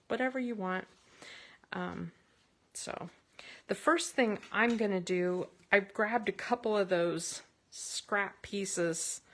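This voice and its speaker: Slow, chatty woman crafting at home. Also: fairly low pitch. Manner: chatty, rambling, excitable. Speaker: card-making host. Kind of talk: casual crafting tutorial.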